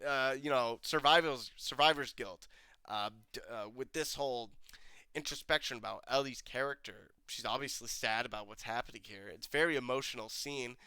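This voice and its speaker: A man's voice: fairly high pitch, sharp tone, clean tone, no room sound. A man casually reviewing a TV episode, rambling with fillers and restarts, a bit stuffy-nosed from a cold. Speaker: TV review host. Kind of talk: casual commentary.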